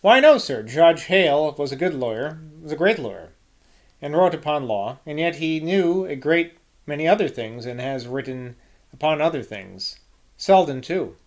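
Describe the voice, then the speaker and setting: A man's voice: a little high, big pitch swings, normal speed. A man doing an emphatic old-time English scholar. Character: stern learned 18th-century English gentleman.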